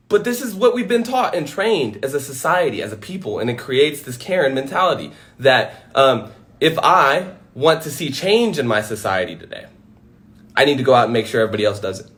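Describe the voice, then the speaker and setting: A man's voice: fairly high pitch, a little fast. A man on a casual livestream from home, talking emphatically and swearing freely into a phone. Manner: animated, profane, emphatic. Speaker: livestream host.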